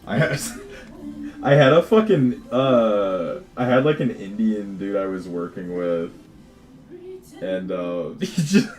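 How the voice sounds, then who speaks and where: A man's voice: fairly low pitch, takes it slowly, a little mellow, faint music behind. A man chatting casually on a livestream while he codes, swearing, laughing easily and often restarting his words. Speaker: game developer livestreaming.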